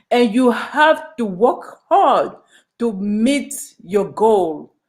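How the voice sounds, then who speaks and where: A woman's voice: medium pitch, darkish tone. A woman from Ghana, speaking to her viewers in a casual opinion monologue. She is earnest and passionate and often restarts her sentences. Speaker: vlogger.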